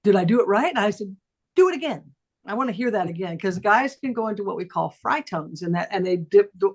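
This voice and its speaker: A middle-aged voice teacher with a gravelly, husky voice tells a story in casual conversation on a talk stream. She acts out every quoted line with big swoops up and down in pitch.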